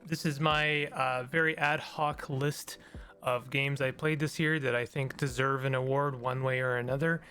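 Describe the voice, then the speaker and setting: A man with a slightly high, somewhat bright voice hosts a solo gaming commentary video. He rambles in a tired, cynical way and restarts his sentences often.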